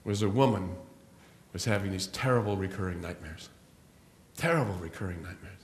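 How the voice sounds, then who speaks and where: A middle-aged man giving an inspirational spiritual talk as guest speaker in a church hall, telling stories with slow, emphatic rises and drops. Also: low-pitched, a little hiss or hum. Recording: roomy hall echo.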